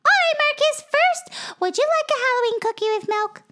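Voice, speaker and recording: Lively woman hosting a kids' show. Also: very high voice, brisk, noisy background. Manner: cheerful, animated, plays along with a make-believe game. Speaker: host of a children's story show. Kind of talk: playful chat with a child.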